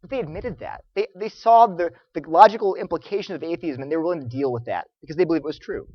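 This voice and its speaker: A man lecturing students, telling stories in an animated way and acting out the voices of the people he quotes. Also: a little high, quick pace, dry recording, muffled recording. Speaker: Christian apologetics speaker.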